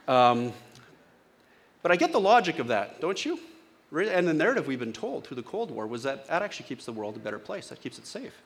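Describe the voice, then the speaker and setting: A man's voice: mid-range voice, very animated, brisk, a little hiss or hum. Male pastor with a mid-range voice, chatty sermon style, keeps questioning his listeners. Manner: conversational, asks the congregation questions.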